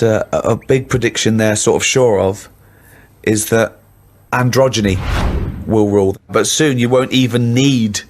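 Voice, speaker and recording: A man's voice: lowish voice, a little hiss or hum. A man hosting a podcast, chatting casually and teasing his co-hosts. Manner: teasing, laughs loudly at stories. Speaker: podcast host. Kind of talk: casual chat.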